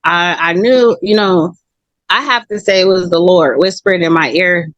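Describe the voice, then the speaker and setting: Woman telling her story, lively quotes. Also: lowish voice, moderate pace, no room sound, highs cut off. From Long Beach, California. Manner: animated, acts out quoted voices. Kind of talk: candid personal storytelling.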